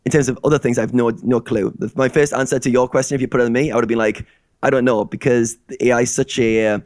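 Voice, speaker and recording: A man's voice: medium pitch, steady tone, a little mellow, no echo, studio quality. A man co-hosting a podcast, talking eagerly in casual chat and acting out little back-and-forth dialogues. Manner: eager, rapid-fire, acts out dialogues.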